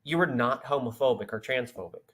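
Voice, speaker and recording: A man's voice: medium pitch, brisk, a bit bright. A man hosting a political podcast, reading news aloud with sarcastic asides. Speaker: podcast host. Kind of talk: political commentary.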